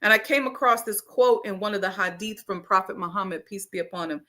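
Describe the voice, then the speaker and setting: A woman's voice: medium pitch, brisk, pushed and bright. A middle-aged woman giving an emphatic motivational sermon at a Ramadan gathering, repeating her key lines and talking to the crowd like family. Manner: emphatic, repeats key phrases, folksy call-and-response. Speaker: speaker leading a Ramadan gathering.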